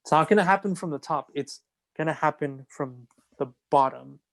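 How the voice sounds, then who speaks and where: A man's voice: a little high, normal speed, gravelly, fairly bright tone. A man speaking as a guest in a casual podcast conversation, earnest and repetitive, restarting phrases as he builds to his points.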